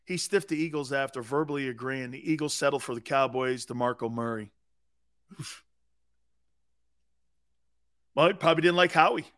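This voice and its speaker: A man hosting a sports talk radio show, telling stories with emphatic repetition and growing excitement. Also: medium pitch, fairly quick, dry recording, clean studio sound.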